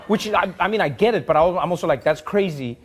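A man's voice: sits high, fast talker, husky. A man with a South African accent, riffing in a loose comedic talk with lots of "like". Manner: animated, lots of "like", jumps into character voices. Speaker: comedian host. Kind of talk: stand-up style riffing.

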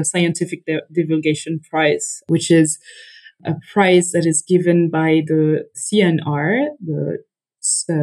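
A woman from Italy with an Italian accent, speaking as an economist guest in a podcast interview, thoughtful and halting with frequent restarts. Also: low voice, dark tone, poor audio.

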